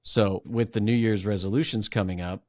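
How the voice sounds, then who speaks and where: A man's voice: lowish voice, moderate pace, no echo, studio quality. A man guesting on a podcast, explaining ideas in a conversational way and acting out inner voices as he goes. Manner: animated, acts out inner voices while explaining.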